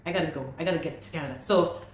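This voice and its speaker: Woman guest, low-ish voice, animated exasperated storyteller, echoey room. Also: racing. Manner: animated, exasperated, quotes people in lively voices. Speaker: guest telling her story. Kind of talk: casual storytelling.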